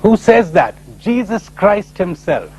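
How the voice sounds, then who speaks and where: A man's voice: takes it slowly, husky, rough recording. A man giving a spiritual lecture, telling stories and jumping into characters' voices. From India. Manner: animated storyteller, voices characters with sudden high pitch jumps.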